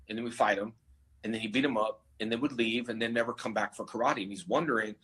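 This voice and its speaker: A man casually telling stories in an interview, animated and acting out the voices of people he quotes. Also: fairly low pitch, fast talker, husky, poor audio. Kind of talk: casual storytelling.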